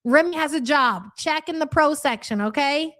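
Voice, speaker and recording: Profane Louisville woman streamer, higher voice. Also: moderate pace, fairly bright tone, dry recording, clean studio sound. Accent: Louisville Kentucky. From Louisville area, USA. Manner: blunt, profane, sarcastic, laughs often. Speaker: live-stream reaction host. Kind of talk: live-stream reaction commentary, reading chat.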